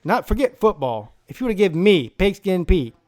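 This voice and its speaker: A man's voice: high voice, big pitch swings, brisk, a little mellow. A man from South Carolina hosting a live football draft stream, brash, profane and joking in casual commentary.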